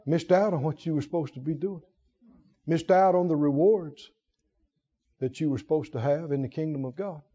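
A man preaching a sermon in an animated style, acting out stories and dropping into hushed asides. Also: fairly high pitch, moderate pace, slightly rough, lo-fi sound.

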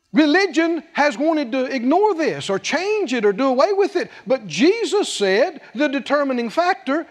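A man with a very high-pitched voice preaches a sermon, his pitch rising and falling in wide swings. He talks emphatically and keeps asking rhetorical questions. His voice rings with a long reverb, as in a large hall. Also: big pitch swings, unhurried. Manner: emphatic, with rhetorical questions and repeated scripture phrases.

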